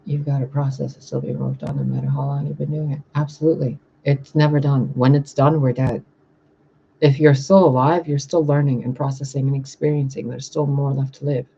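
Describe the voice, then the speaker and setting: A spiritual reader speaking bluntly and profanely in a casual livestream rant, reading out viewer comments and answering them. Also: male voice, medium pitch, level tone, fairly quick, gravelly, dark tone, dull audio, slight background noise.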